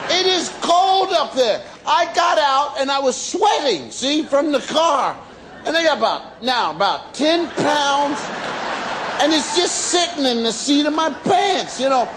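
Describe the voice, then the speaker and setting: An American man in his forties doing stand-up, telling a long story in a drawn-out, animated way and shouting the punchlines. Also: very high-pitched. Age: 40s. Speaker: stand-up comedian. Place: comedy stage before a live audience. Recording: live stand-up with loud audience laughter and noise.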